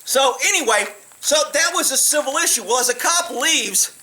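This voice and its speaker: A middle-aged man, a police officer, telling stories in a blunt, profane, animated way. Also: very high-pitched, moderate pace, distant mic. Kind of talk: casual storytelling monologue.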